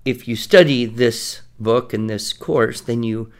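A man co-hosting a podcast, explaining poetic meter in a relaxed teaching manner, chanting rhythms and reciting verse slowly. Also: medium pitch. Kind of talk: relaxed educational conversation.

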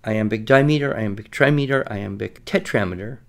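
A man co-hosting a podcast, explaining poetic meter in a relaxed teaching manner, chanting rhythms and reciting verse slowly. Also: lowish voice, creaky. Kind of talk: relaxed educational conversation.

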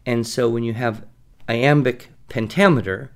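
A man co-hosting a podcast, explaining poetic meter in a relaxed teaching manner, chanting rhythms and reciting verse slowly. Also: mid-range voice. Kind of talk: relaxed educational conversation.

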